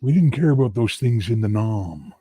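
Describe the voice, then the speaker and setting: A tired man chatting casually as co-host, swearing and joking with big swings in loudness. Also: lowish voice, very animated, moderate pace, breathy edge, no echo. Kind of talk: casual chat.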